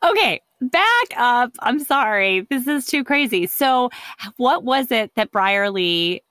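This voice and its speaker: Woman host, smooth clear voice, dry close sound, prompting questions. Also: on the high side, sing-song, slow, fairly bright tone, no room sound. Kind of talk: conversational interview.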